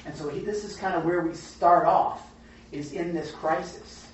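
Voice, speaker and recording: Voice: medium pitch, normal speed, slight background noise. A Bible study teacher talking casually and animatedly to a group, often asking them questions. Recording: very echoey room, distant mic, dull sound.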